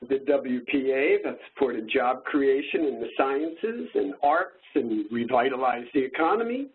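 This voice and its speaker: Husky man co-hosting a webinar. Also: medium pitch, animated, a little slow. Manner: jokey, playful banter. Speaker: webinar co-host. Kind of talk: casual webinar presentation. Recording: tinny phone-like webinar audio.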